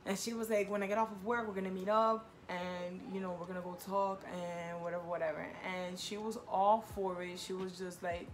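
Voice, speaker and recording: A young woman telling a personal story in a casual, animated way. She talks in slang, fills her talk with "like", and voices the people in the story. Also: a little fast, hardly any pauses, a little hiss or hum. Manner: animated, quotes herself and others with rising pitch; heavy use of "like", slangy. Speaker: vlogger.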